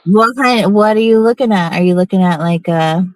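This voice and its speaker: A woman in casual chat who reacts quickly and swears freely. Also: mid-range voice, low-quality recording.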